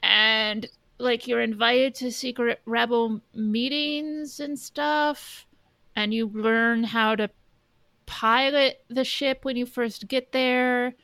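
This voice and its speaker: A woman's voice: fairly high pitch, steady tone, takes it slowly, gravelly, sharp tone, smooth, no echo. A woman co-hosting a podcast, blunt and sweary in casual chat. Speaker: podcast co-host.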